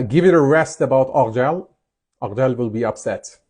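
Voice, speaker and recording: A man's voice: mid-range voice, expressive, moderate pace, darkish tone, husky. A man hosting a live stream, greeting viewers around the world and reading out their chat comments. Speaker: host. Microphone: mic'd up.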